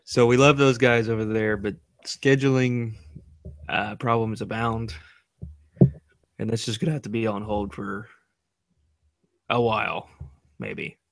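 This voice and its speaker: A man's voice: lowish voice, fairly even intonation, measured pace, vocal fry, long pauses, dry recording. Dry-joking man, podcast co-host, dry sound. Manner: dry joking, brief replies. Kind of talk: casual podcast chat.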